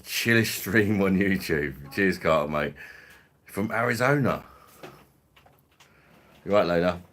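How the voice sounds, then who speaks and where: London bloke, cockney-ish, low voice, easygoing mate talk on a live stream. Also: male voice, expressive, slow pace, a bit bright. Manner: matey, chatty, drops in slang and laughs. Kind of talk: casual live chat with viewers.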